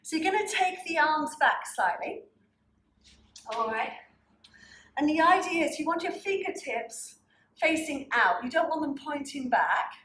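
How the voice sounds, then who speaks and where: A woman's voice: high-pitched, lively intonation, measured pace, fairly bright tone, reverberant, a little hiss or hum, rough recording. A woman teaching a pilates class, cueing breaths and counting reps while slightly out of breath. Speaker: pilates instructor. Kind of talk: guided workout instruction.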